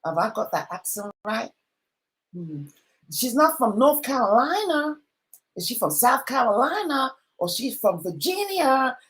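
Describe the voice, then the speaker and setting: A woman's voice: fairly high pitch, very animated, unhurried, fairly bright tone, low-quality recording. A woman hosting an online video-call event, gushing and repeating words for emphasis. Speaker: host.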